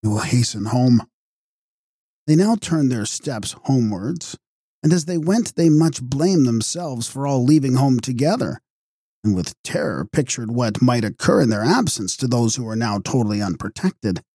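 Husky-voiced man narrating gothic fiction. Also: mid-range voice, no echo, clean studio sound. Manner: steady, measured storytelling. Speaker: audiobook narrator.

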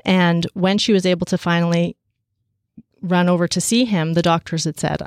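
A woman telling a story casually and with energy, with many fillers, and raising her pitch to act out the people she quotes. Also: normal speed, clean tone, no echo, clean studio sound. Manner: animated, acts out quoted voices at a higher pitch.

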